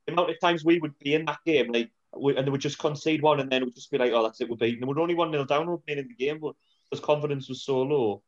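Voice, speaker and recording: A man chatting casually about football, quick and conversational, saying "aye" and "mate". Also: medium pitch, muffled recording.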